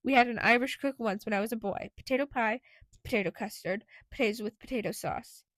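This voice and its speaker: A woman voicing a drawling, mocking young gentleman. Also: a little high, a little fast, no room sound, clean studio sound, close to an everyday voice. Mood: teasing. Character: young gentleman, teasing and arrogant.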